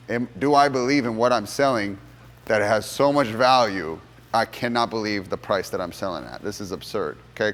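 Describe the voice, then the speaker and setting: A man's voice: on the low side, in a large hall. A man giving a motivational sales workshop to gym coaches, telling stories and acting out the voices in them. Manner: animated storyteller, acts out courtroom voices. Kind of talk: motivational workshop talk with storytelling.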